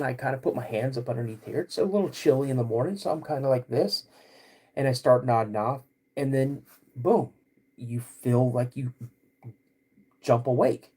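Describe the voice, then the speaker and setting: A man hosting a podcast, recounting a personal story in a halting, vivid way with many restarts. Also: medium pitch, dark tone, husky. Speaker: podcast host.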